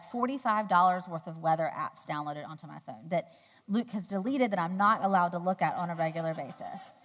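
A woman giving a sermon, telling a personal story in a chatty, animated way with loud, high quoted outbursts. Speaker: church speaker. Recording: long hall reverb.

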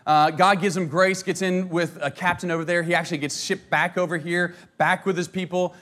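Animated man telling history casually. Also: sits high, a little fast. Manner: animated, conversational, jokes and asides. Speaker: storyteller.

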